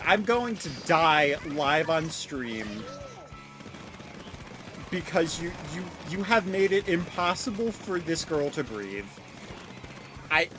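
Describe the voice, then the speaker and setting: A woman live streaming a video game, talking in an excitable, rambling way with many restarts. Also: low-pitched, slight background noise. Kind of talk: live gameplay stream chat. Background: music.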